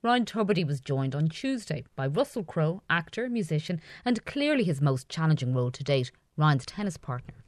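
A woman with a low, expressive voice reads wry scripted links between clips. The sound is dry and close. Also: normal speed, hardly any pauses, no room sound. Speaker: radio presenter.

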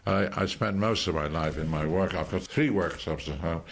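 An older actor being interviewed, telling stories in a relaxed, rambling way with many halting restarts. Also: male voice, low voice, vocal fry. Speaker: actor guest. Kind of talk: relaxed anecdotal chat.

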